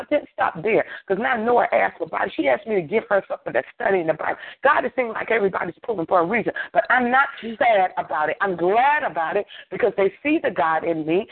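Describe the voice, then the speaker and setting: A man's voice: high voice, creaky, breathy edge, no echo. A man leading a prayer line, exhorting with a fervent, repetitive preaching cadence over a phone call.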